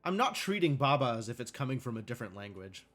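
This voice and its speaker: Lively male streamer thinking aloud over a puzzle, faint music underneath. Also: mid-range voice, fast talker. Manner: thinks aloud, muttering questions to himself; chats with viewers, laughing easily. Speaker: livestreamer. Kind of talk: live gameplay commentary.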